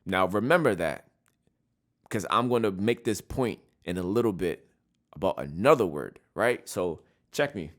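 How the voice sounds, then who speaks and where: This solo podcast host is a man with a low, slightly bright voice, lively intonation, and a measured pace. He talks casually through his opinions, often restarting sentences and frequently checking in with "right?"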